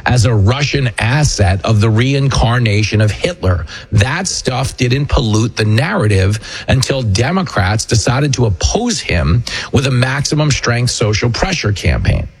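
Hosting his show, a New Yorker with a husky voice gives a monologue of political commentary. He mocks his targets, mimicking their words in a shrill high pitch.

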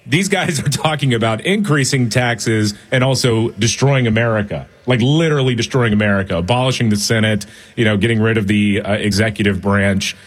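A man co-hosting a radio talk show, giving blunt, mocking political opinions into a studio microphone. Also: fairly low pitch. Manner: blunt, mocking, quick to laugh.

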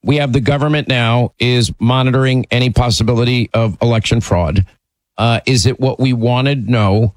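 A man's voice: medium pitch, fairly even intonation, moderate pace, no room sound, poor audio. Male call-in radio host, emphatic and conversational, dry studio mic.

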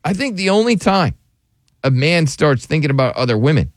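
A man's voice: fairly high pitch, big pitch swings, normal speed, no echo, clean studio sound. A man hosting a radio show, chatting casually with a co-host and laughing often. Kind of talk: casual morning show banter.

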